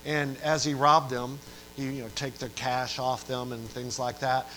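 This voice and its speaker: An older pastor from Western New York delivers his sermon as earnest storytelling, driving points home through repetition. His voice sits at an ordinary middle pitch. A faint hum runs underneath. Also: little pitch movement, a little slow, pushed and bright, poor audio.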